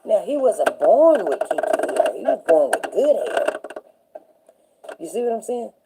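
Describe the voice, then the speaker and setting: A woman's voice: medium pitch, very animated, unhurried, warm tone, a little hiss or hum, rough recording. A middle-aged woman hosting a casual live talk show, rambling through stories and often checking in with her viewers. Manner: rambling, storytelling, often asking "you know what I'm saying". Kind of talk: casual livestream chat.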